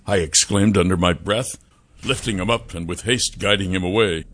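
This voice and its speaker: A man narrating a first-person adventure novel in an expressive storytelling manner. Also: sits low, normal speed. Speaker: audiobook narrator.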